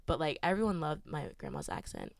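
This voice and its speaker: A woman's voice: sits low, wildly swooping pitch, brisk, creaky, no echo. A young woman co-hosting a podcast, telling a travel story in a chatty way with lots of "like". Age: young adult. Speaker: podcast co-host. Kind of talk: casual chat.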